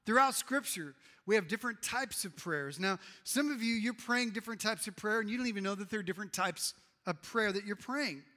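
A middle-aged male pastor preaching a sermon in a church, swinging from loud emphasis to hushed tones. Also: high-pitched, expressive, fairly quick, few pauses. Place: church sanctuary. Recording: reverberant hall.

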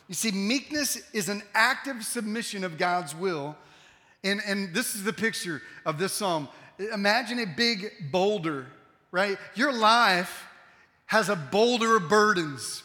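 A bright, high-voiced man preaches a sermon to his congregation. He moves from loud, emphatic delivery to hushed, intense asides. His voice carries a long reverb from a large hall. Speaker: pastor.

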